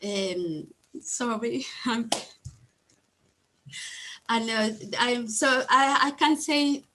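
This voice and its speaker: A woman whose first language is Somali, speaking halting English on a video call, often searching for words and apologizing, audibly emotional. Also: on the high side, expressive, a bit bright, rough recording. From Somalia or Italy. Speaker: adult English learner. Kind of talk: online conference testimony.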